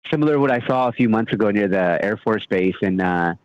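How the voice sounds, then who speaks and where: A man's voice: on the low side, animated, fast talker. A man calling in to a radio show, talking hesitantly and rambling with many fillers. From United States. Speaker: caller. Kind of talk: phone-in call. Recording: dull phone line.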